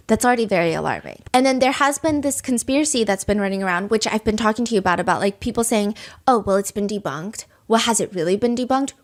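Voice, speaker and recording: A woman hosting a podcast, telling a story in quick, animated casual chat with frequent asides. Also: mid-range voice. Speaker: podcast host.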